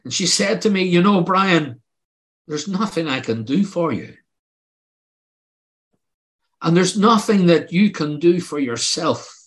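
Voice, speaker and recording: A man's voice: sits high, lively intonation, takes it slowly, pauses often. An older man preaching a sermon, telling his own testimony in an earnest, pleading way that rises to emphatic outbursts.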